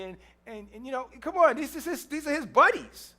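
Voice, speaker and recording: A pastor preaches a sermon in church, telling a humorous story, acting out its characters and repeating phrases for emphasis. His voice is high-pitched and sharp, and he speaks briskly with hardly any pauses.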